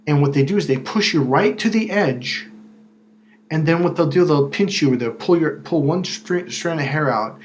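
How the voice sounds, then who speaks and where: A man's voice: fairly high pitch, animated, normal speed. Man talking casually over faint noise. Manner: conversational, repeats words, acts out quoted voices. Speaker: self-help coach. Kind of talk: casual spoken advice monologue.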